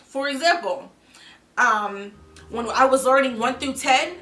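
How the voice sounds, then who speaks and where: A woman's voice: high-pitched, unhurried. Chatty young woman vlogger, echoey room. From Columbus, Ohio, USA. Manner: animated, filler-heavy with frequent "like". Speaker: vlogger reviewing a language course. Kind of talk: casual chatty review. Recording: echoey room with music behind.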